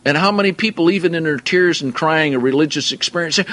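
A man's voice: on the high side, fast talker, a bit bright. A man preaching a Bible-teaching sermon, reading scripture aloud and then explaining it in plain, conversational terms.

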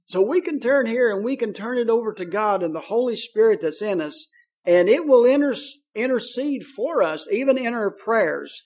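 A man preaching a sermon in a folksy, conversational way, reading scripture aloud and slowing on key phrases. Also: very high-pitched, expressive, a little mellow, highs cut off. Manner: folksy and conversational, paraphrasing scripture in plain talk.

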